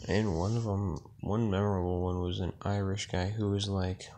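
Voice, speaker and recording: Tired, gravelly young man rambling. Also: sits low, flat delivery, moderate pace, darkish tone. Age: young adult. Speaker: vlogger. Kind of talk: casual dream retelling.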